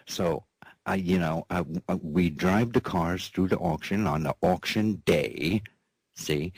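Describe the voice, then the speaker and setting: A man's voice: sits low, darkish tone, slightly rough, no echo. A man hosting his own show in a playful cowboy-style comic monologue, drawling and often repeating himself with a chuckle. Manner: drawling, repeats "that's right", chuckles between phrases; playful cowboy-style banter with an off-mic partner. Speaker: host of a news and commentary show.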